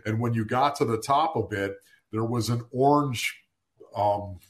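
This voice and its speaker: Guy on a podcast swapping old stories, talks in quick bursts, chuckles mid-story. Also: medium pitch. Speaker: podcast co-host. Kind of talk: casual chat.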